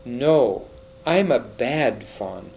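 A man's voice: mid-range voice, lively intonation, drawn-out words, gravelly, a little mellow, dull audio, a little hiss or hum, exaggerated voice. A man doing Mister Tumnus, a sobbing faun. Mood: sobbing, guilty. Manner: sobbing, groaning pleas. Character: gentle sorrowful male faun, tearful and guilt-ridden.

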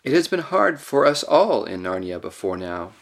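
A man reading aloud and voicing a wise, kingly lion who speaks gently and gravely. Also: mid-range voice, very animated, normal speed. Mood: gentle. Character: great wise male lion, calm and kingly.

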